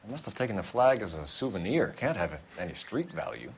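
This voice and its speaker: A man's voice: lowish voice, big pitch swings, a little fast, slight background noise. An actor voicing an earnest young male police detective in a video game, clipped and matter-of-fact.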